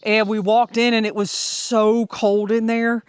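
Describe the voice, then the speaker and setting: A woman's voice: on the high side, flat delivery, measured pace, clean tone, dry recording. A middle-aged woman with a Southern US accent, telling an upbeat, chatty hiking story in a casual audio vlog. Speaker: hiker vlogger.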